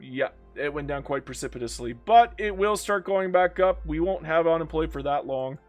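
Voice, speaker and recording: A man's voice: on the high side, moderate pace, a little mellow, faint music behind. A young man commenting on his own strategy game during a long live stream, talking to himself and the game, groaning and joking, worn out after many hours of play.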